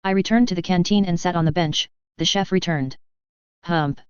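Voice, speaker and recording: Clear-voiced woman reading a story. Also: lowish voice, a little fast, no room sound, muffled recording. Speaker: narrator. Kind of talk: first-person fan fiction reading.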